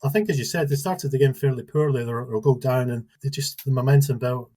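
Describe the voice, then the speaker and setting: A man's voice: medium pitch, fairly even intonation, fast talker, dark tone, low-quality recording. A man on a football podcast, casually reminiscing and agreeing with the others. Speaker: podcast co-host.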